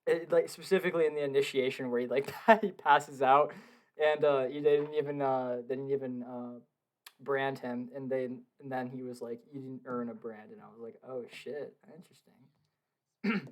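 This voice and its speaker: A young man chatting casually on a podcast from his home basement, excitable, swearing a lot and laughing often. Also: mid-range voice, moderate pace. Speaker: podcast co-host. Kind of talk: casual film review chat.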